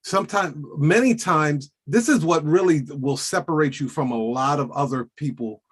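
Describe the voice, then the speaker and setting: A man hosting a casual coaching chat, speaking in a slow, deliberate and emphatic way. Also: on the high side, husky. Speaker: podcast host coaching notaries.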